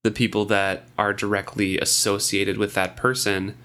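A man co-hosting a casual book discussion podcast, animated and laughing, with plenty of filler words. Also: fairly low pitch, normal speed. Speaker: podcast co-host.

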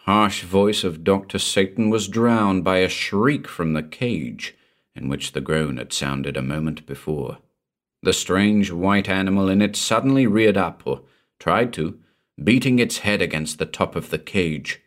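Slow, deep-voiced male storyteller. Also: fairly bright tone. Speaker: audiobook narrator. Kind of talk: dramatic audiobook narration.

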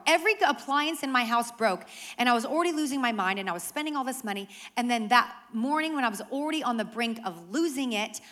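A woman pastor preaching a sermon to a live congregation, animated and conversational with self-deprecating humor. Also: a little high. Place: church service with live audience.

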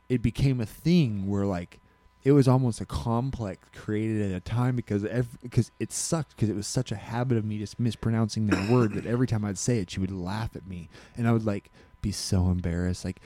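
Low dark-voiced man rambling casually. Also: steady tone, normal speed, dry recording. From Alaska. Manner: rambling, self-correcting storyteller. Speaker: podcast co-host. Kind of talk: casual chat.

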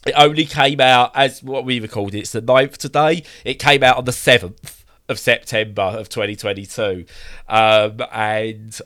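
A man's voice: medium pitch, fairly even intonation, moderate pace, a bit bright. A man co-hosting a casual podcast chat, rambling enthusiastically with lots of fillers and restarts. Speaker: podcast co-host.

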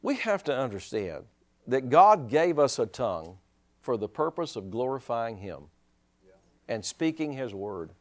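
A male pastor preaching a sermon in an animated way, full of rhetorical questions and chuckling asides. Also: mid-range voice, measured pace.

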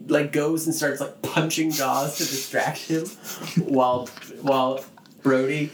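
A man's voice: medium pitch, level tone, slow, slight background noise. Laid-back man recapping a movie in an echoey room. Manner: rambling, filler-heavy storytelling with laughs. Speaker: podcast co-host. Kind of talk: casual movie recap chat.

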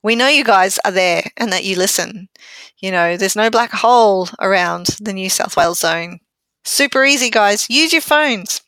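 A woman's voice: medium pitch, moderate pace, sharp tone, smooth, no echo. A woman co-hosting a podcast, chatting casually with a teasing manner and frequent laughter. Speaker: podcast co-host. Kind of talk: casual chat.

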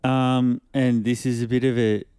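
A man's voice: mid-range voice, little pitch movement, warm tone, clean tone, no echo. Swearing man chatting casually. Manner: rambling, swears freely, quick laughs. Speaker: podcast co-host. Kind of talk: casual chat.

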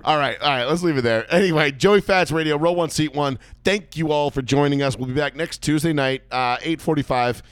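A man's voice: a little high, fairly quick, few pauses, clean tone, dry recording, clean studio sound. A man hosting a sports podcast, joking around in casual, profane banter with his co-host.

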